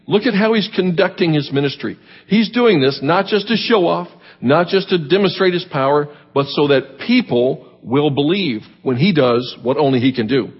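A man with a Southern American accent preaching a sermon, reading scripture aloud and then explaining it in a measured, earnest way. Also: a little high, expressive, breathy edge, muffled recording. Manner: reads verses then explains them plainly, measured and earnest. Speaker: guest preacher.

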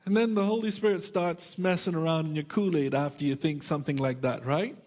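A man's voice: on the high side, a little fast, a little mellow. A middle-aged man preaching a sermon in a church, stretching out his questions for emphasis and slipping in joking asides to the congregation. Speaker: pastor.

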